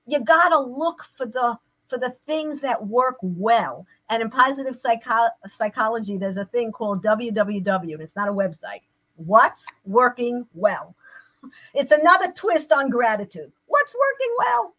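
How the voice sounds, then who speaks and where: An older woman with a slightly higher voice speaks as an interview guest. She tells her personal story in an earnest, reflective way, like a therapist sharing her own experience. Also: a bit bright, low-quality recording.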